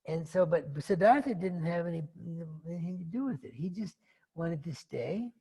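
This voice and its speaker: A man giving a casual dharma talk, rambling through a story with frequent asides. His voice is gravelly and husky, at an ordinary pitch. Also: lively intonation, moderate pace, mellow. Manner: rambling and conversational, with fillers and asides. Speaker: dharma teacher.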